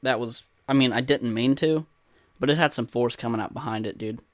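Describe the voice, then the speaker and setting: A podcast host in his twenties tells rambling, crude, self-mocking stories in a casual monologue. His medium-pitched voice moves fairly quickly, and the studio-quality recording has no room sound.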